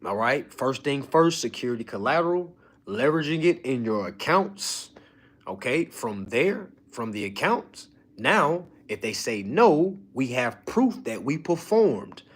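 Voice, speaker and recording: A man giving a casual, preachy motivational lecture to his students, tagging nearly every sentence with "all right?" and swinging from low mutters to loud urging. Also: sing-song, a little slow. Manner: emphatic and preachy, constant "all right?" check-ins. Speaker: online course teacher.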